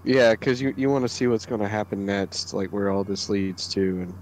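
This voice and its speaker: Low-voiced chatty man. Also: normal speed, slight background noise, low-quality recording. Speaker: player. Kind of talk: casual chat.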